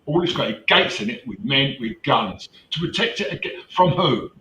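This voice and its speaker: An animated man tells a story in casual chat, acting out every quoted line with a bright, forceful edge. He sits away from the mic, and the room adds a roomy echo. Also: medium pitch, normal speed. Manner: animated, acts out quoted dialogue, rhetorical questions. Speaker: activist recounting a street confrontation. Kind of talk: casual storytelling on a video call. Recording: roomy distant mic with faint noise.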